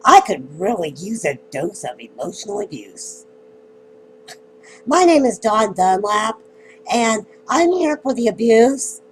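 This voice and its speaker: A woman's voice: mid-range voice, big pitch swings, a little slow, slight background noise, voice pushed up, low-quality recording. A woman putting on a sarcastic, falsely sweet voice that offers herself up to be mistreated. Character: sugary, self-mocking woman offering herself up.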